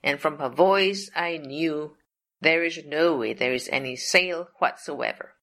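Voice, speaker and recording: A woman's voice: sits low, measured pace, fairly bright tone. An older woman telling a personal faith testimony in an earnest, repetitive way. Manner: earnest, repetitive, leans on "of course" and "whatsoever". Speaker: storyteller sharing a faith testimony.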